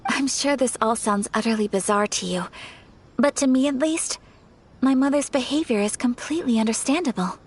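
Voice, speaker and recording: A woman voicing a gentle, composed and polite young noblewoman in a video game, speaking in a soft, measured and formal way. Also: on the high side, slightly rough. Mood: confiding. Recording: game audio with faint background music. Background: game music.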